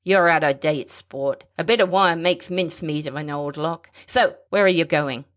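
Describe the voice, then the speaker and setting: A woman voicing a desperate, injured male fugitive who talks in a gruff, clipped snarl. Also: low-pitched, normal speed, lightly acted.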